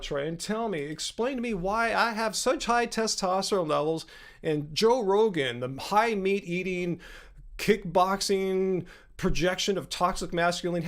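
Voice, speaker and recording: A man's voice: high voice, creaky, fairly bright tone. A man in his fifties hosting a live stream Q&A, combative and sarcastic, talking to chat commenters by name and rambling with restarts. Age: 50s. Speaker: livestream host.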